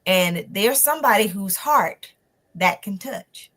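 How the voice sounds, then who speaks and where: A woman's voice: medium pitch, slow pace. A woman guest telling a personal story in a conversation, acting out the people in it. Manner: animated, acts out the people in her story.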